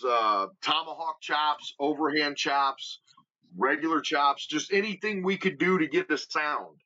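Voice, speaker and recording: Bright-voiced man telling a wrestling story. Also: mid-range voice. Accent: Midwestern American. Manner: animated storyteller, emphatic, acts out quotes. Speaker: guest wrestler. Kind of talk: casual storytelling interview. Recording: dull lo-fi podcast audio.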